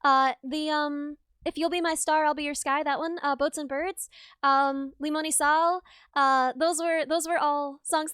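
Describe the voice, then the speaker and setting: Bubbly bright-voiced woman streamer. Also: high-pitched, no room sound, studio quality. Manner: bubbly and excitable, quick to gush and laugh. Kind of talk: casual chat with live stream viewers.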